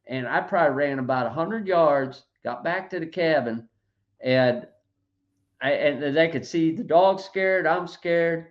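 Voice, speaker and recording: A man hosting a podcast, telling his own story in casual talk, halting and restarting his words. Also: fairly high pitch. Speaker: podcast host. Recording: dull lo-fi audio.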